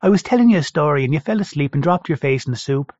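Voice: medium pitch, expressive, quick pace, darkish tone, no room sound, close to an everyday voice. A man voicing a screeching, mocking companion who teases and scolds. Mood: scolding. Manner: teasing, scolding. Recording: dry, slightly dull recording.

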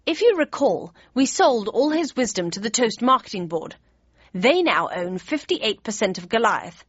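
A woman voicing a cheerful, forgiving grown man in a storybook reading, talking briskly and brightly. The sound is a little dull and muffled, and dry with no room around it. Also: high voice, big pitch swings, slightly rough, no room sound, exaggerated voice. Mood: explaining.

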